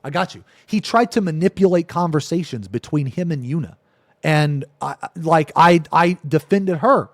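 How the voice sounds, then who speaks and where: A man's voice: a little high, normal speed, no echo, studio quality. A male streamer ranting on a live stream, swearing a lot, repeating himself and calling everyone "man" and "bro". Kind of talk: casual live-stream rant.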